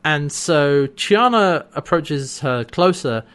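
A man's voice: on the high side, slow, smooth. A man co-hosting a podcast, casually recapping a TV episode and acting out the characters' lines. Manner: animated, acts out quoted lines. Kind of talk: casual chat.

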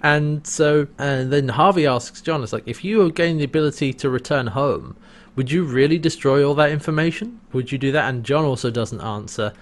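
A man's voice: mid-range voice, normal speed, hardly any pauses. A man co-hosting a podcast, casually retelling a TV episode scene by scene, with quoted lines and laughter. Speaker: podcast co-host recapping an episode. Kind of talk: casual chat.

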